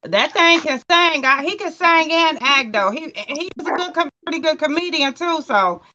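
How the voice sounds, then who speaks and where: A woman hosting a casual livestream chat, talking in lively, colloquial bursts and laughing often. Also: sits high, moderate pace, a little hiss or hum. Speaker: host. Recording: muffled lo-fi stream audio.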